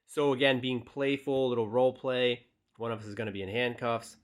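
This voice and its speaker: Fairly quick and medium-pitched, a young man gives relaxed, direct dating advice in a casual tutorial full of fillers, reading texts aloud as he goes.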